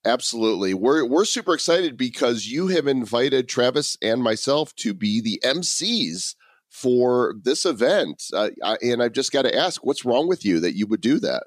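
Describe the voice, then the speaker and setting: A man's voice: mid-range voice, expressive, moderate pace, dry recording. A man hosting a podcast in a playful, joking way, introducing a guest. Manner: playful, jokes with a put-on French accent. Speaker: podcast host. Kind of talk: casual podcast chat.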